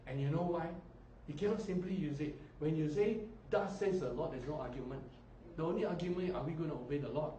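A man preaching a sermon as pastor, animated, often mimicking people and swinging between loud and soft delivery. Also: a little high, slight background noise. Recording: echoey hall, distant mic.

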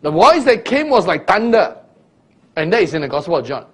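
A man teaching a Bible sermon in an unhurried, deliberate way, pausing to quiz his listeners and breaking into sudden loud sound illustrations. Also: high voice, big pitch swings, husky. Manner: asks listeners questions directly. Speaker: preacher.

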